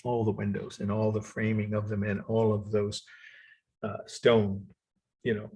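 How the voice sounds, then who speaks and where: An older male instructor lectures in a low, gravelly voice with a husky edge. He drifts into asides and chuckles along the way, keeping a loose classroom tone. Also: monotone, measured pace, mellow. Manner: rambling, digressive, chuckles often. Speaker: art history instructor. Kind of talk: recorded college lecture.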